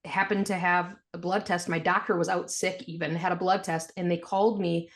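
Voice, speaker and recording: A woman, a podcast guest, telling her story in a frank, animated way and laughing through hard memories. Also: on the low side, fairly quick. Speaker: podcast guest, financial planner. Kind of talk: candid storytelling interview.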